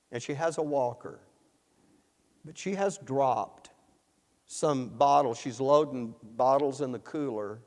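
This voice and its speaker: Earnest Texan preacher telling a story. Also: male voice, mid-range voice, a little mellow. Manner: earnest, storytelling, repeats words when restarting. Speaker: Bible teacher. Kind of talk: sermon with personal story. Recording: long reverb in a hall.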